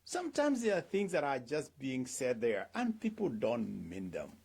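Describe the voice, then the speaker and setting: A man's voice: mid-range voice, wildly swooping pitch, moderate pace, creaky, a little mellow, slightly rough. A middle-aged man speaking as a pastor in a devotional talk. He asks his listeners rhetorical questions and acts out the things people say.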